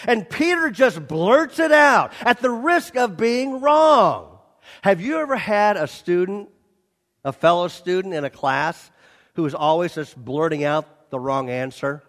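A male pastor preaching a sermon, animated, acting out scenes and repeating lines for emphasis. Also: high-pitched, unhurried. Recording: long reverb of a large hall.

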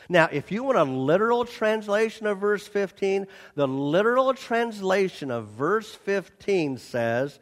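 Animated preacher man, high voice, echoing round a big hall. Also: measured pace. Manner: animated, acts out scenes, repeats for emphasis. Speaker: pastor. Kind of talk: sermon. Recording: long reverb of a large hall.

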